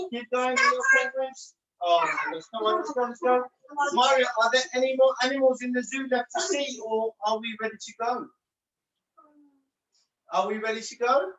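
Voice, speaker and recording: A woman's voice: on the high side, fairly bright tone. A woman leading a live home fitness class for children, cheerful and encouraging as she calls out moves. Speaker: fitness instructor. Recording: echoey distant lo-fi room mic.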